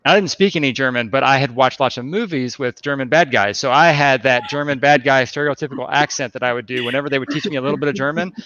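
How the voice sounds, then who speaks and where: A man telling a quick anecdote in casual chat. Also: medium pitch, fairly bright tone, no echo. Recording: dull lo-fi audio.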